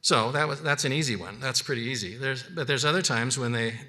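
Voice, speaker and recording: A man's voice: mid-range voice, bright, forceful tone. A man teaching a biblical counseling class in a conversational way, with frequent restarts, acting out the counseling conversations he describes. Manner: conversational, acts out counseling dialogues; halting restarts and repeated words. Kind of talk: unscripted teaching session.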